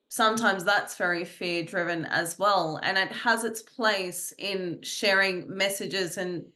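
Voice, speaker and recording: A woman's voice: on the low side, pushed and bright. A woman guest in an interview, speaking earnestly about her spiritual teachings and often repeating phrases. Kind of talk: reflective conversational interview.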